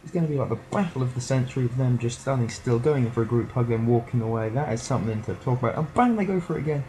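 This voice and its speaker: A man's voice: medium pitch, animated, rapid-fire, warm tone. A teenage boy, rambling and joking through a let's play commentary. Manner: rambling, joking, does silly voices for game characters. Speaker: gameplay commentator. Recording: poor audio, slightly distant at times.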